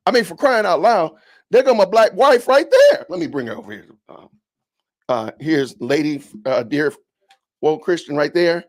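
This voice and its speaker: A man hosting a podcast livestream, reading comments aloud with animated, indignant, preachy ranting. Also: high voice, normal speed, creaky. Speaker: podcast host.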